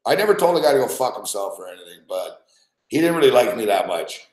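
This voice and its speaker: A man's voice: medium pitch, sing-song, quick pace, darkish tone. A man hosting a podcast, telling a rambling, profane story in casual chat and laughing often. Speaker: podcast host. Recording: roomy echo.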